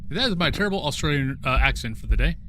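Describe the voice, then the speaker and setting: A man's voice: mid-range voice, expressive, fast talker, sharp tone, a little hiss or hum. A man streaming a ghost-hunting game, chatting casually and easily, often poking fun at himself. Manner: chatty, self-deprecating, easygoing. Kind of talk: casual gameplay chat.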